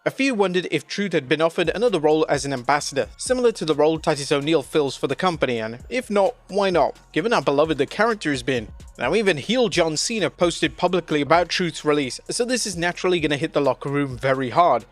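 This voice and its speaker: A man with a somewhat high voice reads scripted news narration. His delivery is steady and even, with a plain reporting tone. It sounds like a prepared script read straight through. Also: fast talker, few pauses, faint music behind.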